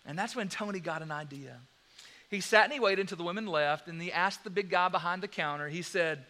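Preacher guy telling a story in his sermon, high bright voice, really animated. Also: quick pace. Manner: animated and dramatic.

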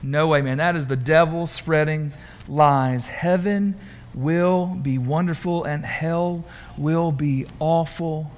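A man preaching a sermon in a conversational, animated way, asking the congregation questions. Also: on the high side, slow pace. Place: church room.

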